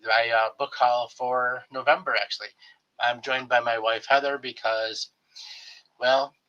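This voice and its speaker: Bright-voiced man chatting on a live stream. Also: mid-range voice, fairly even intonation, a little slow. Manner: friendly, greets viewers by name, jokey. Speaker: streamer hosting a live book haul. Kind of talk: casual live-stream chat. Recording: slightly dull lo-fi stream audio.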